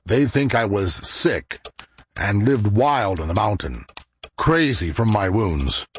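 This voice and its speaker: A man narrating his own story in an audio drama, folksy and unhurried, acting out his scenes with emotion. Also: on the low side, lively intonation, slight background noise. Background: music.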